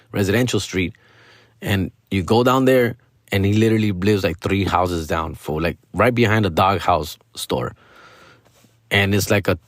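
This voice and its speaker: A man's voice: lowish voice, no room sound, clean studio sound. A middle-aged man hosting a comedy podcast, telling a story in a casual, slangy way, full of swearing and with Spanish phrases mixed in. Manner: profane, slangy, animated, mixes in Spanish phrases.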